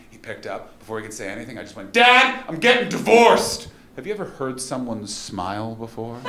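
Self-deprecating stand-up man. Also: on the low side. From Canada. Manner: self-deprecating, anxious, swings into shouted quotes. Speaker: stand-up comedian. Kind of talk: live stand-up routine. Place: festival comedy venue stage. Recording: echoey live room with loud audience laughter.

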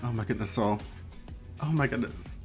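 A host reacting to a music video, excitable and gushing, often laughing and squealing. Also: mid-range voice, moderate pace. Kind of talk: casual reaction commentary. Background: music video playing.

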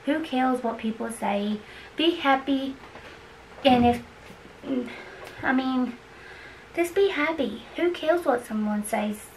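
A woman's voice: high voice, slow pace, long pauses, distant mic, a little hiss or hum, poor audio. A woman chatting to her viewers while cleaning, out of breath, rambling and encouraging. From Kentucky. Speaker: cleaning vlogger. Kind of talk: casual chat to camera.

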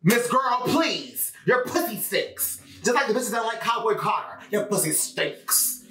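A man giving loud, sassy, profane reaction commentary on music. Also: sits high, animated, a little slow, recorded from a distance, slight background noise. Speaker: pop culture commentator. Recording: echoey room, off-mic, faint music.

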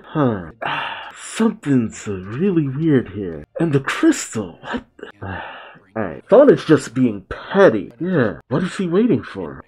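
A man giving casual live reaction commentary to a TV episode, exclaiming, sighing and thinking out loud. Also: medium pitch, breathy edge. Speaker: reaction video host.

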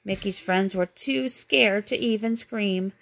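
A woman reading a bedtime storybook aloud in a gentle, expressive manner. Her voice sits at a middling pitch and has a noticeable gravelly, vocal-fry texture. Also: slow pace. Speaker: storybook reader.

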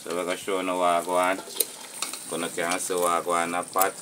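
A man with a Jamaican accent hosting a casual outdoor cooking vlog, talking to viewers in a relaxed, patois-flavoured way. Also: low-pitched, quick pace, noisy background. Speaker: cooking channel host. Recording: sizzling pots and clatter behind. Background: frying sizzle and pot clatter.

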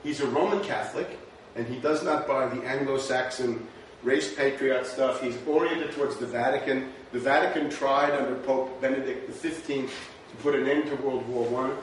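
A male lecturer with a medium-pitched voice, speaking at a moderate pace, talks through history conversationally and rhetorically, frequently asking "right?". The recording is from a very echoey lecture room with a distant mic and faint noise.

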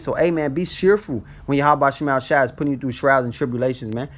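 A man's voice: medium pitch, fairly even intonation, a little fast. A man teaching scripture in a casual, blunt street style, ending almost every phrase with "man". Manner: blunt and profane when exhorting.

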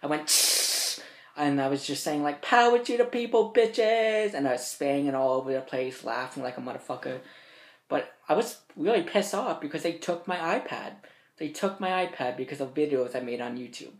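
An eighteen-year-old man vlogging from his bedroom, telling stories in a rambling, profane, animated way. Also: mid-range voice, moderate pace. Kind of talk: casual storytelling to camera. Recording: roomy bedroom echo.

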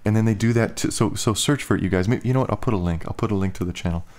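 A man's voice: on the low side, very fast, darkish tone. A young man rambling casually in a vlog, with slightly slurred speech and lots of filler "like"s. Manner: loose, filler-heavy talk with "like". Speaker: musician and vlogger.

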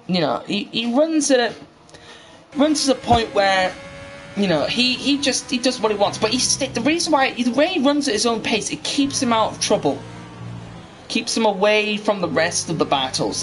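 A high-pitched man with a fairly bright tone provides live sim racing commentary for an esports race. He's chatty and rambling, often starting his sentences over.

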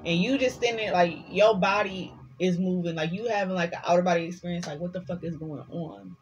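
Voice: mid-range voice, a little fast, lo-fi sound, slight background noise. A tarot reader giving a casual collective reading, chatty and sassy, swearing freely and rambling between the cards.

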